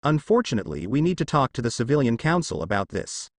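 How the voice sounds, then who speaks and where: A man's voice: mid-range voice, very animated, fast, no room sound. A man voicing a stern, commanding elderly male village leader in a fan fiction reading. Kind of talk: fan fiction read-aloud.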